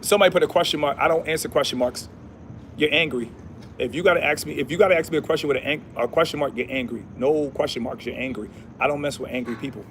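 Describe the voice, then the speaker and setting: A man hosts a casual livestream, his slightly high, fairly bright voice running fast over light background noise. He sounds preachy and repetitive, mixing slang with Bible verses.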